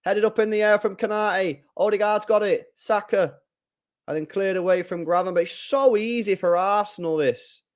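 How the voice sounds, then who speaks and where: A man hosting a live football watchalong, chatting casually, reading viewer comments and getting loud when play heats up. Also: high-pitched, moderate pace. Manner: chatty, swings from mumbling to excited shouting. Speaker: live stream host.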